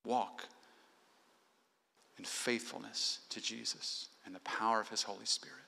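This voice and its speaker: A man's voice: on the low side, steady tone, measured pace, vocal fry, sharp tone. A male pastor preaching an earnest sermon in a church, exhorting the congregation point by point. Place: church sanctuary. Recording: long hall reverb.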